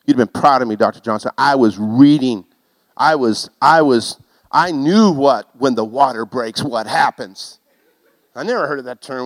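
A middle-aged man preaches through a personal story with lively, self-mocking humor. His voice sits at a middling pitch and rises to loud exclamations. The sound is dry and close, with no room echo. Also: moderate pace. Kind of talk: sermon storytelling.

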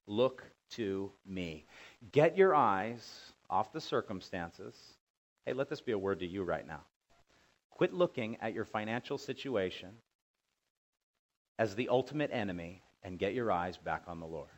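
A man's voice: lowish voice, lively intonation, measured pace, dull audio. Man preaching with dramatic swings. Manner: dramatic preaching, acting out voices and building to loud commands. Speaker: pastor. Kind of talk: sermon.

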